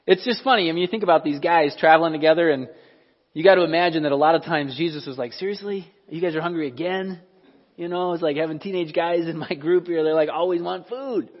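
A man gives a sermon with a high, slightly husky voice, talking to the congregation like a conversation and tossing them questions. The sound is dull and lo-fi, with long reverb from the church hall. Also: quick pace. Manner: conversational, animated, asks the audience questions. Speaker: pastor.

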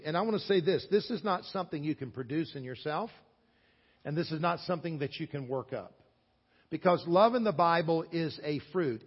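A man in his sixties from the American South with a Southern accent, preaching a sermon earnestly, with loud stresses and quiet asides. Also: fairly high pitch, slightly rough. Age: 60s. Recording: long hall echo, dull lo-fi sound.

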